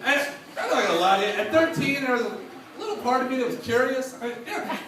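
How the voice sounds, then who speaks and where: A man telling a funny story to a live audience, animated and laughing, acting out other people's voices. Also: very high-pitched, fast talker, far from the mic, noisy background. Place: stage before a live audience. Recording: echoey hall, voice from off mic.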